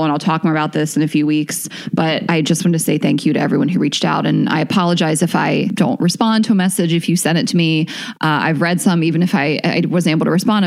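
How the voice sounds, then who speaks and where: A young woman hosting a podcast, talking in a halting, emotional way and laughing through tears. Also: deep voice. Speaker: podcast host. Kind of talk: casual podcast chat.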